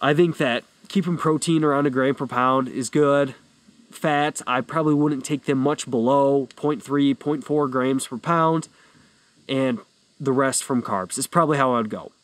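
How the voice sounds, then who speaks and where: A man's voice: mid-range voice, normal speed, no echo. A young adult man hosting a fitness podcast, explaining things in a loose, rambling, easygoing way. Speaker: podcast host and fitness coach. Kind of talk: casual solo podcast talk.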